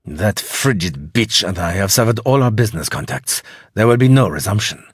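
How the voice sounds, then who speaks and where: A man's voice: on the low side, moderate pace, breathy edge, no echo, clean studio sound. A man doing a cold, scornful tycoon. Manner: clipped, flat, scornful. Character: cold, arrogant wealthy tycoon, short-tempered.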